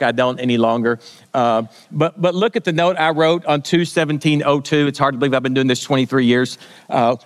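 A man's voice: on the high side, a bit bright, long reverb tail. A man preaching a sermon as pastor, casual and conversational, with frequent fillers and restarts.

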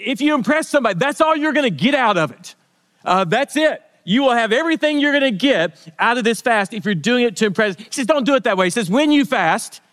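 A man's voice: high voice, a bit bright, long reverb tail. A man preaching a sermon as pastor, casual and conversational, with frequent fillers and restarts.

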